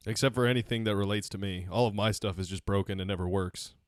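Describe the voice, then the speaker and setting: A man co-hosting a casual writing podcast, joking and teasing the others in relaxed chat. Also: on the low side, fast talker, no echo, studio quality. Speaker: podcast co-host.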